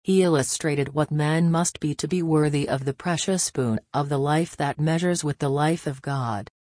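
A man reading a daily devotional aloud in a measured, reverent manner. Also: a little high, a little mellow, no echo, clean studio sound. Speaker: devotional reader.

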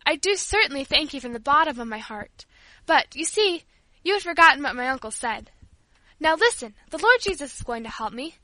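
A woman voicing an earnest, devout little girl who speaks sincerely and pleads gently. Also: high-pitched, no room sound, poor audio.

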